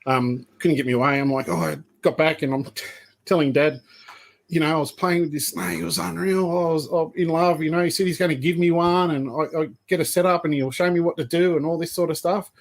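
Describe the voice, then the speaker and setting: A man's voice: fairly high pitch, fairly even intonation, a little fast, creaky. A man in his fifties with an Australian accent, a podcast guest rambling through long anecdotes. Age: 50s. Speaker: guest, python breeder. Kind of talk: casual podcast chat.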